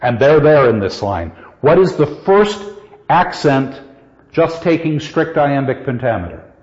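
An older man teaching a poetry class, reading verse aloud with slow, emphatic stress and putting questions to his students. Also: mid-range voice, lively intonation, darkish tone. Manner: asks the class questions and answers them. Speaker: literature teacher. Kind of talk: classroom lecture. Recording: dull, lo-fi sound with long hall reverb.

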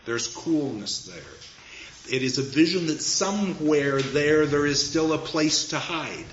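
An animated man gives a literature lecture, firing off rhetorical questions and then dropping to a near hush. The recording is roomy and a little dull. A faint background hiss runs under it. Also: a little high, unhurried. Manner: animated, rhetorical questions, dramatic emphasis, drops to a hush for readings. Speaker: lecturer on poetry.

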